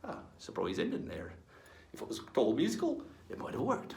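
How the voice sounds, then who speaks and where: A man's voice: fairly high pitch, huge pitch swings, brisk, creaky, a bit bright. A man presenting a pirate lesson for children, telling tales with dramatic whispers and pirate growls. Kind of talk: storytelling lesson for kids in pirate character. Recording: roomy echo.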